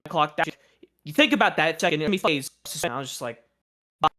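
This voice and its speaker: A man's voice: a little high, lively intonation, brisk, pushed and bright. A young man streaming, telling a story in a casual rant, exasperated and aggrieved, swearing freely.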